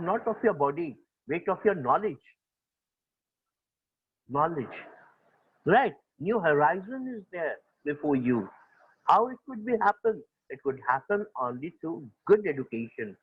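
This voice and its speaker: A man's voice: fairly high pitch, husky, no echo, phone-quality sound. A man with an Indian accent teaching a school class, switching between English and Hindi and repeating key phrases. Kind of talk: classroom lecture.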